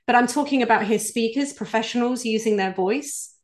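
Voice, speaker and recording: A woman's voice: on the high side, fairly quick. A British woman, a voice coach, answering interview questions in an earnest, explanatory way. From United Kingdom. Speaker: executive voice coach, guest.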